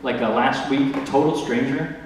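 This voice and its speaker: A young man doing a stand-up comedy set, delivering awkward deadpan one-liners full of filler words. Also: medium pitch, normal speed. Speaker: stand-up comic. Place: large hall with live audience. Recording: echoey hall, distant mic, loud noise.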